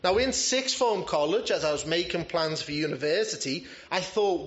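A man's voice: fairly high pitch, animated, moderate pace, fairly bright tone. A man preaching a sermon in a conversational way, with self-deprecating humor. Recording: roomy, slightly dull church recording.

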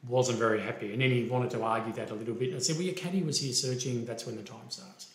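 A man's voice: medium pitch, fast talker, reverberant, poor audio. A man with an Australian accent, a golf referee and podcast co-host, telling a story in casual chat and acting out the quoted lines. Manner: animated, acts out quoted dialogue.

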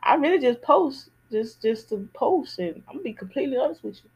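A woman's voice: high-pitched, lively intonation, a little fast, husky, rough recording. A woman hosting a podcast, talking candidly in a casual personal monologue and repeating phrases for emphasis. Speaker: podcast host.

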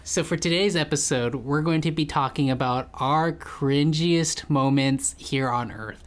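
Very deep-voiced woman podcast host. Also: measured pace. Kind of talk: casual chat.

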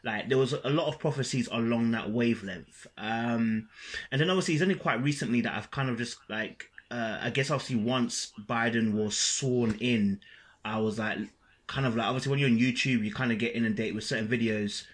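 A man's voice: medium pitch, brisk. Easygoing man, podcast guest. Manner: easygoing, hesitant with many ums, laughs readily. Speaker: relationship YouTuber guest. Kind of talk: casual podcast chat.

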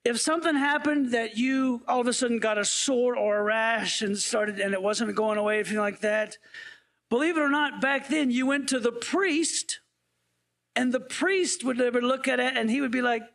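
A man with an unusually high voice and a gravelly edge delivers a sermon as a pastor. He keeps it conversational, tossing light questions out to his congregation as he goes. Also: moderate pace, a bit bright. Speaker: interim pastor.

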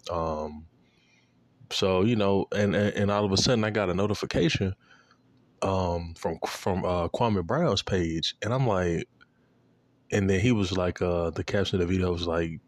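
Deep-voiced young man rambling casually. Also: normal speed, dry recording. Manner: loose, profane, full of fillers and slang. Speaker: vlogger.

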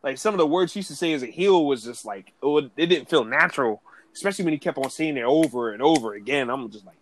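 A man co-hosting a casual wrestling podcast, talking in animated slang and laughing often. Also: mid-range voice, fast. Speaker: podcast co-host.

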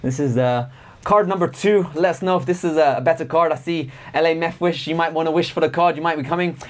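A man's voice: a little high, fast. A man co-hosting a casual chat, opinionated and given to ranting. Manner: opinionated, ranting about gadgets. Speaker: co-host.

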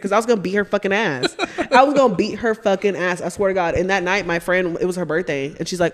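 A woman's voice: mid-range voice, fast, hardly any pauses. A woman guest on a podcast, telling a story in a casual chat and swearing freely as she goes. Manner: profane, animated storyteller.

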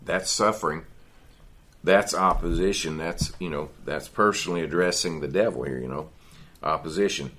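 A man's voice: deep voice, normal speed, fairly bright tone. A man teaching a men's Bible study in a folksy, conversational sermon style, often adding "you know" and "see".

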